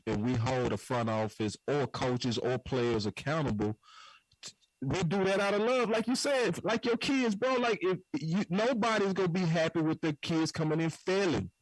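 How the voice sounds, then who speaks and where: A man's voice: mid-range voice, dry recording, poor audio. A man co-hosting a sports stream, talking in an easygoing slangy way. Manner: relaxed, agreeing, slangy. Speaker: podcast co-host. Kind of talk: casual sports chat.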